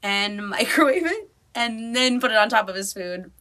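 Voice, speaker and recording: A woman's voice: fairly high pitch, moderate pace. A woman on a podcast, chatting casually and acting out little scenes with lots of laughter. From Minnesota. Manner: animated, acts out her dog's voice with laughs. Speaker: podcast guest. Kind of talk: casual chat.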